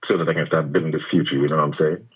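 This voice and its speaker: A man's voice: very deep voice, fairly even intonation, very fast, breathy edge. A man calling into a live show, talking hesitantly with many ums, with an English accent. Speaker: caller. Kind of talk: prank call on a live show. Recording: tinny phone line.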